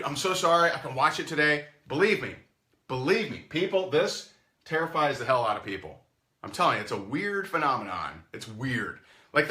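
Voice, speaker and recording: A man's voice: medium pitch, pushed and bright. A man coaching network marketers, talking animatedly and acting out phone calls in goofy voices. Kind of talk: sales coaching talk.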